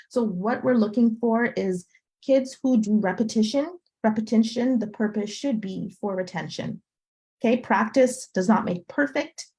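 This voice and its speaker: A woman teaching a live online lesson to parents, sounding out sounds slowly and checking in often with "okay?", heard over a video call. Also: a little high, a little mellow. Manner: sounds out letters slowly and repeats them. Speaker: French tutor.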